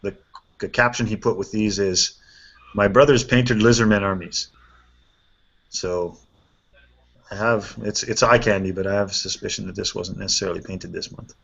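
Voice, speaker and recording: A man hosting a casual chat, reviewing painted miniatures in a relaxed way and thinking aloud with fillers. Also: fairly low pitch, moderate pace, gravelly, pauses often, breathy edge. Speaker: host. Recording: dull lo-fi sound.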